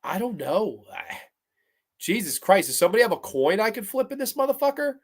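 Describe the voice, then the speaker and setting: Excitable, profane male stream host. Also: sits high, a little fast. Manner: profane, excitable, agonizing aloud over picks. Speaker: podcast host. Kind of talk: live-stream chat with viewers.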